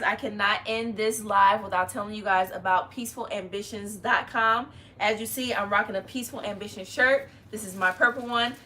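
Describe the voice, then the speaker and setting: A woman's voice: medium pitch, bright, forceful tone, a little hiss or hum. A woman hosting a casual family livestream, chatting and greeting viewers by name. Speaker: live stream host. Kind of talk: casual live chat.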